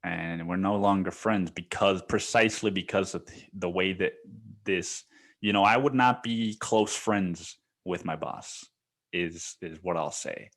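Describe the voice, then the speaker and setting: Low-voiced, swearing podcast host. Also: male voice. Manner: profane, laughing storyteller. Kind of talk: casual monologue.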